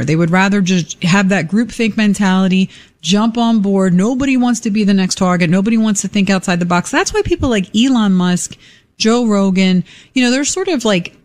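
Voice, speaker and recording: A woman's voice: medium pitch, darkish tone. A woman co-hosting talk radio, speaking emphatically and with exasperation in an opinionated chat.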